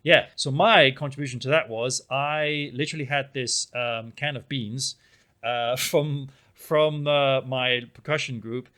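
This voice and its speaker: With a mid-range voice and a measured pace, this podcast co-host from a small Spanish town chats casually. His storytelling rambles and stays animated, thick with fillers.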